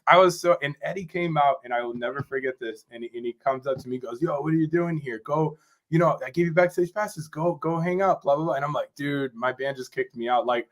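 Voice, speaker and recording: A man from Rochester, New York, a drummer guesting on a podcast, telling a story in a rambling, animated way and often asking "you know what I'm saying". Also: on the high side, brisk. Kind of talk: casual storytelling interview.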